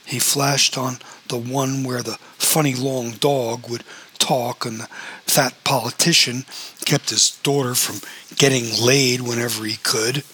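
Bright, husky man narrating an audiobook. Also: mid-range voice, fairly even intonation, measured pace, poor audio.

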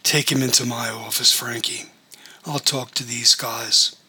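A man reading the lines of a calm, businesslike male school administrator who takes charge. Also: mid-range voice, a little slow, slightly rough, heavily acted. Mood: firm.

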